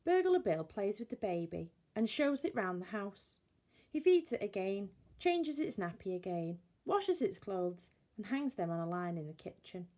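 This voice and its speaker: A woman reading a bedtime story aloud in a slow, expressive storytelling manner. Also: mid-range voice.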